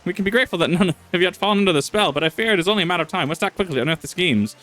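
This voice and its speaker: A grave, old-timey male investigator, put on by a man who booms his lines like a 1920s radio announcer, a touch high-pitched. Faint game music hums underneath. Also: lively intonation, very fast, bright, forceful tone. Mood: urgent. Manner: 1920s announcer delivery, theatrical. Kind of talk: reading game dialogue aloud.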